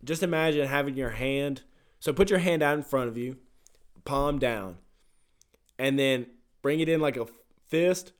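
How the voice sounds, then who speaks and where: A man's voice: mid-range voice, a little slow, long pauses, smooth. Young man explaining his routine casually. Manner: explains plainly, swears casually. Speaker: college baseball player. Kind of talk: casual chat.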